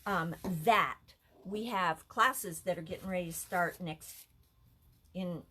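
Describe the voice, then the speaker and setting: A woman's voice: medium pitch, a bit bright. A woman leading a live craft lesson from an art center office, chatty and easily amused. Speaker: art instructor.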